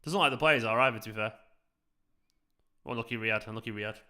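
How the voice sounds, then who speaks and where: A man hosts a live football watchalong in a bright, forward voice. He chats loosely with his viewers and breaks off to react to the match. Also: on the low side, quick pace. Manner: chatty, reacts to the match while answering viewers. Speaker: fan channel host.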